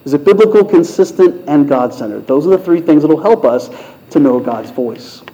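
A man's voice: on the high side, expressive, normal speed, warm tone. Man preaching a conversational sermon. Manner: storytelling, conversational. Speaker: pastor. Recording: muffled lo-fi sound.

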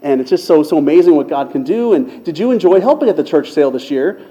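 A male pastor telling a personal story in a conversational sermon style, relaxed and self-deprecating, with frequent fillers. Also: fairly high pitch, fast talker.

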